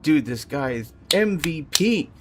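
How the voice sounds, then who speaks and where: Excitable young man streaming a game. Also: a little high, a little slow, background noise. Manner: excitable, cries out in bursts. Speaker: streamer playing a naval battle game. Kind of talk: live game commentary.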